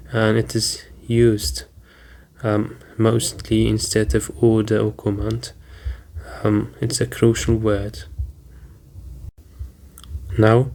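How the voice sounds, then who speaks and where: Slow, flat-voiced male teacher. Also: on the low side. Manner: slow, deliberate, with frequent "um" fillers. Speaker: English teacher. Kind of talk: vocabulary lesson.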